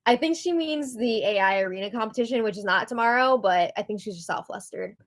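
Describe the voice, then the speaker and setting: A woman's voice: medium pitch, fast talker, a bit bright. A woman hosting a casual live recap of a reality show, talking in a chatty way with frequent "like".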